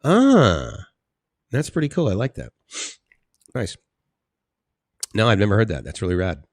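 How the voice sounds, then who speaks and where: A middle-aged man chats on his live stream in a loose, rambling way, laughing often and jumping from quiet musing to excited high bursts. His voice sits fairly low. The sound is close and dry, with no room around it. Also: a little slow, no echo. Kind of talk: casual live-stream chat. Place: indoors at home.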